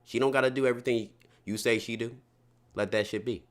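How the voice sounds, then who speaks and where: A man's voice: mid-range voice, steady tone, brisk. A man hosting a live stream, reacting to viewer stories in blunt, profane, incredulous casual talk. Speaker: streamer host.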